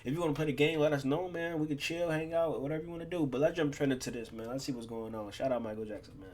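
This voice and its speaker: A man hosts a reaction video in an easygoing, slangy chat, tossing in "man" and "bro" as he goes. His voice sits on the high side for a man. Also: racing, darkish tone, a little hiss or hum. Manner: laid-back, slangy, repeats "man" and "bro". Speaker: reaction channel host.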